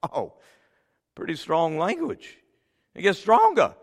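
A man preaching a sermon, reading scripture forcefully and then dropping to soft, tender asides. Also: fairly high pitch, expressive, unhurried. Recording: long hall reverb.

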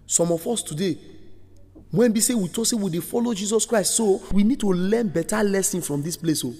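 A man with a Nigerian accent preaching a sermon to children, telling the story in an animated way and acting out the quotes. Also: high voice, fairly quick, slightly rough. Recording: long hall reverb.

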